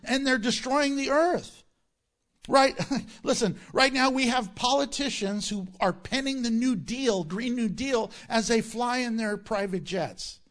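A man's voice: sits high, fairly bright tone. A man preaching a sermon as pastor, emphatic, asking rhetorical questions and acting out mocking quotes.

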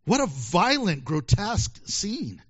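Animated high-voiced joking preacher. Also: male voice, slow, husky. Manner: animated, joking, acts out voices, laughs often. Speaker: pastor. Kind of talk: sermon. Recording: dull lo-fi sermon recording.

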